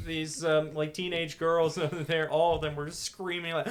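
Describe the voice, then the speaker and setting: A man's voice: fairly high pitch, normal speed, few pauses, a little hiss or hum. A man, a haunt actor guest on a podcast, chatting casually and acting out scares with bursts of laughter. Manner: animated storyteller, acts out scares and screams, laughs often.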